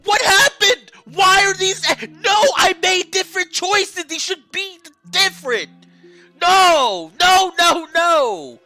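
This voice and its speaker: A woman reading a distressed young game character's lines aloud, pitched up and close to tears. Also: slow, bright, forceful tone, soft background music, exaggerated voice.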